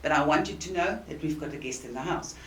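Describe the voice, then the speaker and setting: South African woman, low voice, earnest coaching talk, roomy distant sound. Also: fairly bright tone. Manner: earnest, emphatic, with deliberate pauses. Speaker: communication coach. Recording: roomy and distant with faint hiss.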